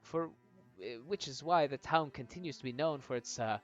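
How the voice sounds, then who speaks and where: A man's voice: mid-range voice, moderate pace, no room sound, natural voice. A man voicing an eager young man who boasts about his heroic family and begs to join the party. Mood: eager boastful. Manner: excited, boastful, rambling. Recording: dull lo-fi audio with faint game music.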